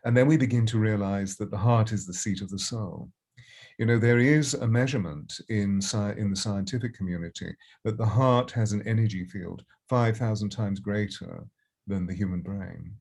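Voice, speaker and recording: An older man with a fairly low voice, speaking as a voice coach in an interview. He answers expansively and reflectively, with long, flowing sentences. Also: normal speed, vocal fry, darkish tone, slightly rough. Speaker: voice and presence coach.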